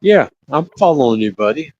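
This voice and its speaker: A man joins a casual chat as a guest, cracking crude jokes and calling everyone bro and buddy. His mid-range, darkish voice moves briskly with big pitch swings, captured in a dry, dull lo-fi recording.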